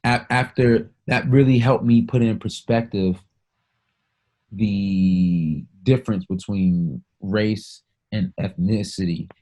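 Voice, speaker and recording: A man with a lowish voice holds forth in a casual podcast chat. He is emphatic and swears freely as he works stories and jokes into a passionate argument. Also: slow pace, darkish tone. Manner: emphatic, profane, storytelling.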